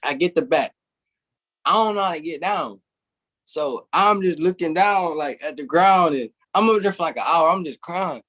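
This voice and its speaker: A man guest telling lively stories in a casual, slangy way, often saying "bro". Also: on the high side, normal speed. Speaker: interview guest. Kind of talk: casual storytelling.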